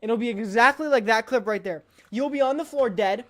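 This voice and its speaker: A woman's voice: fairly high pitch, brisk, a bit bright. A woman streamer chatting casually on a live stream, emphatic and playfully blunt, often repeating her points.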